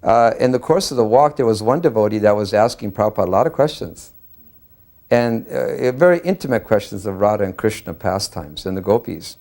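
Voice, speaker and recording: A man earnestly recalling a personal memory, halting often with fillers and restarts. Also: on the low side, expressive, a little mellow. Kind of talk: recorded personal reminiscence.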